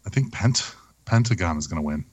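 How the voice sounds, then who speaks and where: A man's voice: low-pitched, lively intonation, fairly quick, a little mellow, slightly rough, no room sound. A man co-hosting a casual wrestling chat podcast, loose and profane in his talk. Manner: loose and profane, laughs easily. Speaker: podcast co-host.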